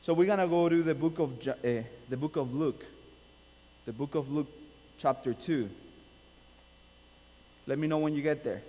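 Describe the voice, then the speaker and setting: A man's mellow, slightly high voice moves at normal speed with long pauses as he welcomes his congregation, prays, and launches a sermon. He is a pastor with a Nicaraguan Spanish accent, informal, joking and self-deprecating, in a friendly church welcome. The sanctuary sounds echoey, with a faint hum.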